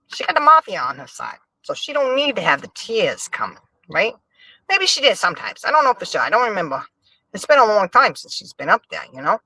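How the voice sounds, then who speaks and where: A woman hosting a livestream, chatting in a sassy, animated gossip style and answering her chat. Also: mid-range voice, no room sound. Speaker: livestream host. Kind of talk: casual gossip commentary.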